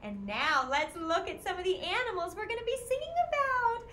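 A woman's voice: extremely high pitch, animated, brisk, sharp tone, a little hiss or hum. A woman with a Midwestern American accent leading an interactive music class for small children, talking in an encouraging sing-song way and singing animal songs. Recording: echoey room, faint ambience.

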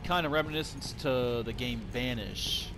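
A young man narrating a video game in a loose, joking way, swearing freely as he plays. He talks around a cough drop in his mouth, and clear game ambience hums behind his voice. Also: mid-range voice, normal speed, background noise. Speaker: gaming channel host. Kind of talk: casual let's-play commentary.

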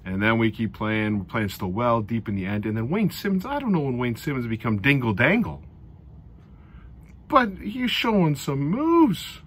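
A man's voice: mid-range voice, very animated, moderate pace, fairly bright tone, husky. Exasperated, sarcastic man recapping hockey. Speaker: hockey fan commentator. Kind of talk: casual game recap.

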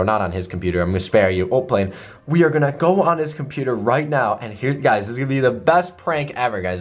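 A young man hosting an excited gaming vlog, hyped and often out of breath as he runs between rooms. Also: mid-range voice. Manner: hyped, breathless, calls viewers guys and baby. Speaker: gaming YouTuber.

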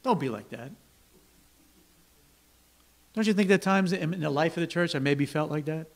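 A man's voice: on the high side, normal speed, gravelly. A man preaching as pastor, conversational, often checking in with his listeners and acting out complaining workers. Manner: conversational, asks the congregation "right?" often; acts out grumbling workers with raised voice. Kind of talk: sermon. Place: church sanctuary.

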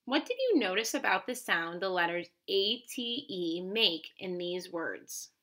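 A woman leads a children's phonics lesson at an unhurried pace, sounding out each word with care. Her voice is bright and clear, with a patient, encouraging teacher's delivery. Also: fairly low pitch, big pitch swings. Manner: slow, clearly enunciated, encouraging teacher talk.

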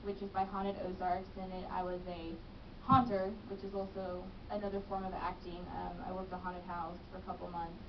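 A woman's voice: fairly low pitch, little pitch movement, brisk. Young woman, radio interview guest, chatty, distant mic, muffled sound, faint room hum. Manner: chatty, laughs easily. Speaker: guest, actress and business manager. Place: radio studio.

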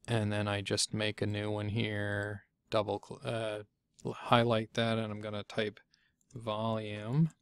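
A man giving a casual software tutorial, chatty and thinking aloud as he clicks through, often stopping to correct himself. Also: fairly low pitch, no echo. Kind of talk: casual screencast walkthrough.

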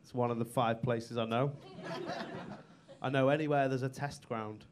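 A man's voice: medium pitch, fairly even intonation, normal speed, background noise. A male stand-up comedian doing crowd work on a club stage, teasing the audience with crude, cheeky banter.

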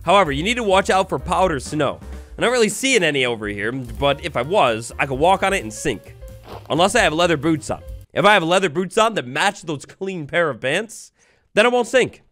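Excitable young man narrating a game. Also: fairly high pitch, a little fast. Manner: excitable, playful, theatrical mock outrage. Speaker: gaming YouTuber. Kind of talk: Minecraft let's play commentary. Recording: faint background music.

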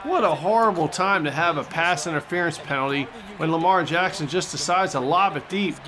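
A man hosting a gaming channel, giving jokey play-by-play commentary over a football video game, with excitable sportscaster outbursts. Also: on the high side, brisk, crowd noise. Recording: game music underneath.

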